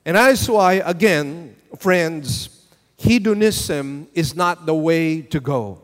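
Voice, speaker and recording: A man preaching a sermon as pastor, deliberate and measured, asking the congregation to respond and read along. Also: a little high, animated, big-room sound.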